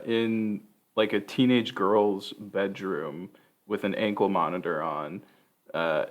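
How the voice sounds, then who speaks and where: Lowish-voiced man rambling through a movie recap. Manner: rambling, profane, heavy on fillers. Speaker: podcast host.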